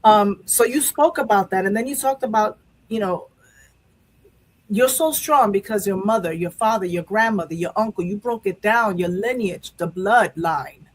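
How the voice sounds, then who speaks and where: A woman's voice: medium pitch, moderate pace, husky, rough recording. A woman hosting a live talk show, speaking candidly and emotionally about grief, rambling with many restarts. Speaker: show host.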